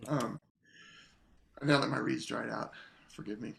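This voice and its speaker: A man coaching an English horn player in a masterclass, relaxed, singing phrases to show the rhythm. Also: mid-range voice, a little slow, gravelly. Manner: relaxed, sings phrases to demonstrate. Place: online video masterclass.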